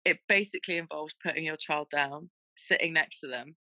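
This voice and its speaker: A woman's voice: low voice, fairly quick, bright, forceful tone, no room sound, poor audio. A woman in her thirties, a fitness presenter guesting on a podcast, telling stories candidly with frequent laughter. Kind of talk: casual chat.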